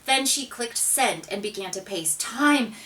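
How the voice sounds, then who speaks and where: A woman reading a children's picture book aloud, with expressive, dramatic narration and hushed asides. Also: mid-range voice, moderate pace, recorded from a distance, rough recording. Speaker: storybook reader.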